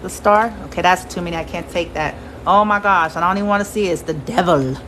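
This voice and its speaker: A woman giving a casual tarot reading to her viewers, blunt and quick to swear and laugh. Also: fairly low pitch, fairly even intonation, fairly bright tone, a little hiss or hum, rough recording. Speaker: tarot reader.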